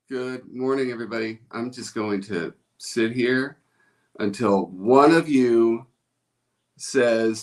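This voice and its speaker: A man hosting a live stream from home, chatting casually and wandering off on tangents as he greets viewers by name. His pitch sits in a middle range. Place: room at home.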